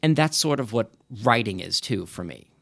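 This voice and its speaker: A man's voice: mid-range voice, expressive, moderate pace, creaky, a bit bright. A man talking as a podcast guest, thoughtful and rambling, with many restarts. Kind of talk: casual interview conversation.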